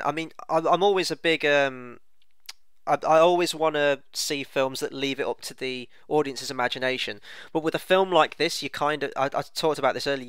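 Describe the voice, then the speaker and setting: A man co-hosting a casual film review chat, relaxed and rambling. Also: medium pitch, clean tone, no room sound. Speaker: film club co-host.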